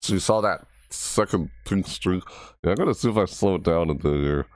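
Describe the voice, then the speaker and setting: A man hosting a casual reaction video, rambling excitedly about a game trailer. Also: brisk, a little hiss or hum. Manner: excitable, rambling, mimics game voices in high yelps.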